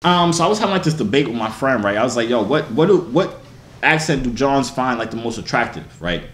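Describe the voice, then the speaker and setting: A man's voice: medium pitch, big pitch swings, fairly quick, fairly bright tone. Playful, teasing young man in an echoey room. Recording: echoey room, faint background hiss.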